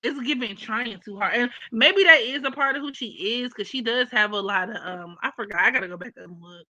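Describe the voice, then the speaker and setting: A woman's voice: a little high, fairly quick, bright, forceful tone, no echo. A woman vlogger talking about astrology in a blunt, opinionated, slangy casual chat.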